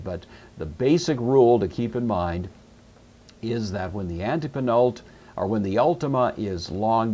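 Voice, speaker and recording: A middle-aged man teaching Greek grammar in a recorded lecture, explaining patiently step by step and repeating key words slowly. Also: on the low side, darkish tone, slight background noise.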